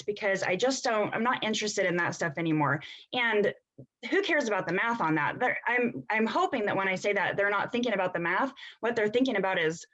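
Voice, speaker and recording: A woman's voice: medium pitch, fairly bright tone, rough recording. A woman co-hosting a morning video call, coaching in a chatty way with many fillers. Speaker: co-host.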